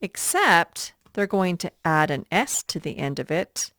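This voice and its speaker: A woman teacher leading an early reading lesson for young children, patient and repeating words slowly. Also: on the low side, very animated, a bit bright, no room sound, studio quality.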